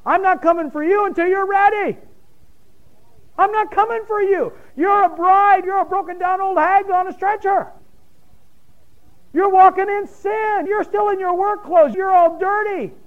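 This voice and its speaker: A man's voice: extremely high pitch, steady tone, a little slow, narrow, tinny audio, pitched above the performer's own voice. A man putting on a stern, scolding God voice. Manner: scolding, emphatic. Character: stern male God scolding his people.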